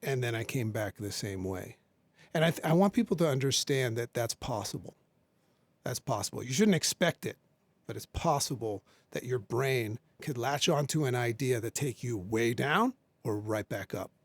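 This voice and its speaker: A man's voice: medium pitch, expressive, moderate pace, no echo. A man, a podcast guest, earnestly recounting a personal story and repeating key points for emphasis.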